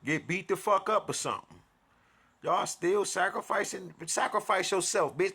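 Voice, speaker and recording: A man's voice: high voice, normal speed, creaky, bright, forceful tone, husky. A man telling an aggrieved story in a profane, heated monologue, restarting and repeating himself as he vents. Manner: aggrieved, ranting, repetitive restarts. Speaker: vlogger.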